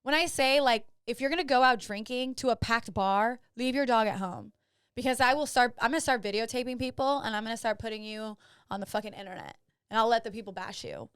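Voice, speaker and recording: A woman in her twenties with a higher, clear voice rants emphatically while co-hosting a podcast. The sound is dry and close. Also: fairly quick, a bit bright, no room sound. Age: 20s. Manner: ranting, emphatic. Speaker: podcast co-host. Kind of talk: casual chat.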